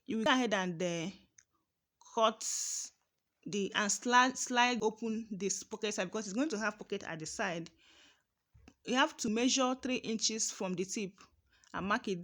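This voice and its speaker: A woman's voice: on the low side, fairly bright tone. A woman, maybe, teaching a step-by-step sewing tutorial, often repeating herself and checking that listeners understand.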